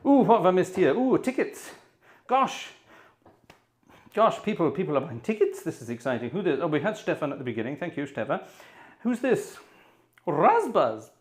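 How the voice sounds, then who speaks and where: A man's voice: on the high side, very animated, moderate pace, long pauses. A man hosting a live piano stream, out of breath between pieces, chatty and self-deprecating as he talks to his audience and explains boogie woogie. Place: piano room at home.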